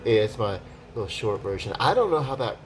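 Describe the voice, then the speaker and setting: A man's voice: fairly low pitch, big pitch swings, a little fast. A man vlogging about being a musician in casual chat, rambling and self-deprecating, with no separate microphone. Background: acoustic guitar playing.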